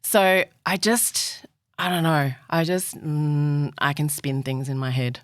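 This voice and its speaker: A woman's voice: low voice, slow pace, no room sound, studio quality. A woman telling personal stories in a candid podcast conversation, laughing often and acting out what people said. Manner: animated storyteller, laughs often, acts out quotes. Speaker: guest.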